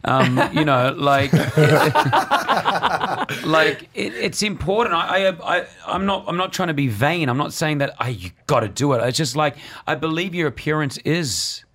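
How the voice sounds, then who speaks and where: A man hosting a radio show in casual chat, animated and acting out quotes in other voices. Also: a little high, measured pace, slight background noise. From Lebanon. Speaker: radio host.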